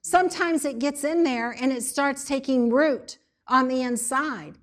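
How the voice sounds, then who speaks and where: A woman preaching with lively emphasis and a somewhat high-pitched voice. She drives her points home by repeating words in rhythmic lists. Her delivery is expressive and earnest. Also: unhurried. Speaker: speaker in a church setting. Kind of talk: sermon.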